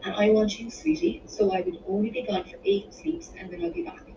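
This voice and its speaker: A woman voicing a thirty-something mother, bright and coaxing with her children. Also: mid-range voice, sing-song, a little fast, background noise. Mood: tender. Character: warm Irish mother in her late thirties. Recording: distant roomy dull-sounding recording.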